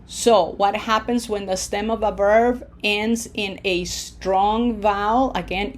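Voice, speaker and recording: Slow, deliberate woman teaching Spanish. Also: mid-range voice, slight background noise. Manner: slow, deliberate modeling of words, stressing syllables. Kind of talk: language lesson with drills.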